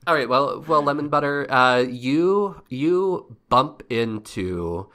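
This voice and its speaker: A man running a comic tabletop game as game master, narrating in fits and starts. He keeps cracking up between his lines, and his voice sits at an ordinary pitch. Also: animated, a bit bright. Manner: laughing, halting narration.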